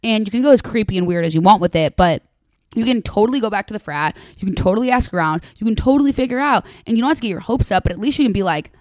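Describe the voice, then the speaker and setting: A woman in her twenties hosting a podcast, giving sassy, animated advice in casual chat with lots of "like". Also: mid-range voice, fast, no room sound.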